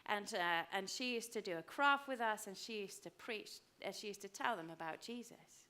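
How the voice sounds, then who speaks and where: A woman in her fifties preaching a sermon, emphatic and repeating phrases for weight, dropping to a hush for personal stories. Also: medium pitch, normal speed. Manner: drops to a hushed voice for personal stories. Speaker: pastor.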